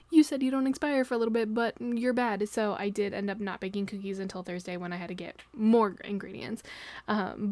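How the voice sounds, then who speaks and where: A woman's voice: medium pitch, darkish tone, dry recording. A young woman in her twenties, a planner vlogger, chatting casually in a rambling, giggly voice-over full of fillers.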